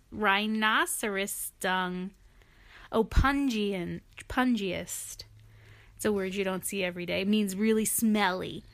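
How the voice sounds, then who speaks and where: A woman reading a picture book aloud to a child, gentle and playful, stopping for chatty asides. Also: mid-range voice. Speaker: reader to a child.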